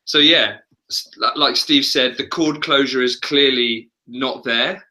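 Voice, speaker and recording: Bright-voiced chatty male vocal coach. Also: medium pitch, a little slow. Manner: chatty, laughs often. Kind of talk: casual webinar chat.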